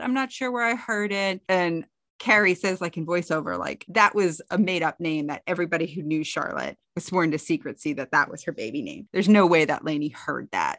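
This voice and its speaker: Female podcast co-host, casual recap, lowish pitch, pops up higher for quoted lines, dry booth. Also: moderate pace, a bit bright, no echo. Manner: chatty retelling, acting out quotes in a higher voice.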